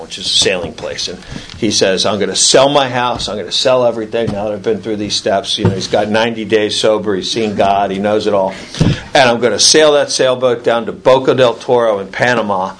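A man's voice: fairly low pitch, fairly bright tone, a little hiss or hum. A man sharing a story at a recovery meeting, acting out other people's lines in raised voices. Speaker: AA speaker sharing his story.

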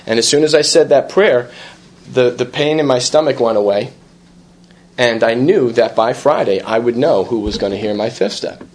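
A man sharing a rambling personal recovery story, full of fillers, restarts and quoted dialogue. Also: medium pitch. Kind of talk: personal testimony at a recovery meeting.

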